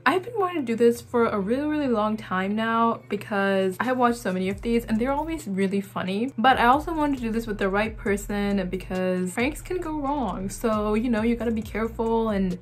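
A woman's voice: fairly high pitch, animated, brisk, hardly any pauses. A young woman vlogging in a chatty, giggly, nervous way as she narrates a text prank. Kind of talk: casual vlog chat.

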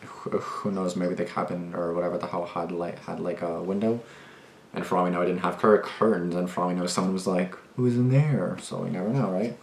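A man's voice: low voice, little pitch movement, brisk, slight background noise. A young man hosting a reaction video, talking casually in a rambling, agitated way with plenty of swearing and restarts. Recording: echoey room.

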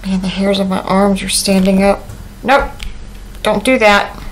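A woman's voice: mid-range voice, little pitch movement, measured pace, slight background noise, low-quality recording. A woman playing a horror game and commenting, talking to herself in a nervous, jumpy, joking way. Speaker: gaming YouTuber.

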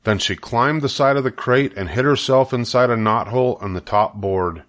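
An older man reading a children's book aloud with steady, clear storytelling. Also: medium pitch, moderate pace.

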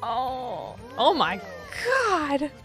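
Woman doing an anime reaction, slow talker, super animated voice, laughs and gasps a lot. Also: sits high, soft background music. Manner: emotional, laughing and gasping, chatty asides. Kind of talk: casual reaction commentary.

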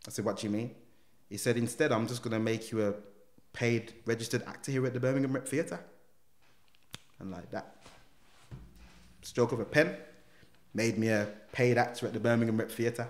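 A man's voice: mid-range voice, moderate pace, pauses often, roomy sound. A man, a guest in a casual interview, telling his story with street slang and acting out the dialogue. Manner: animated storyteller who acts out quoted dialogue, street slang. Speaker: guest, former gang member turned motivational speaker.

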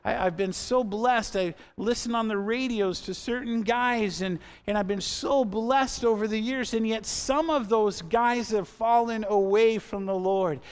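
A man's voice: high voice, a little slow, few pauses, clear, resonant tone. A man in his fifties preaching a sermon as pastor in a church, earnest and conversational, with asides to the congregation. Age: 50s. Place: church sanctuary.

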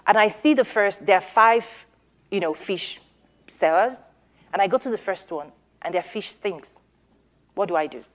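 An earnest woman moderating a panel, talking persuasively and often restarting sentences. She leans on everyday analogies to make her point, and her pitch sits in a middle range. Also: lively intonation, moderate pace, pauses often. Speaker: summit organizer and panel moderator. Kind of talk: panel discussion.

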